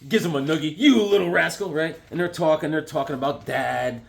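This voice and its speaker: A man casually reviewing comic books, excitable and chatty, breaking into silly voices now and then. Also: on the high side, fairly quick, vocal fry.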